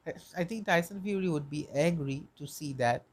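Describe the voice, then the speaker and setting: A man's voice: fairly high pitch, moderate pace. A young man hosting a solo podcast, rambling, repeating himself and swearing bluntly. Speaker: podcast host.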